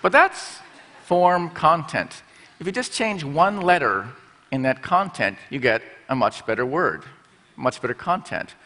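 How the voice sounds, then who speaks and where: Speaking from a conference stage in a big hall, a middle-aged man explains things playfully, dropping into small put-on voices. His fairly high voice is animated, pushed and bright, at a measured pace. Long reverb from the large hall colors the sound.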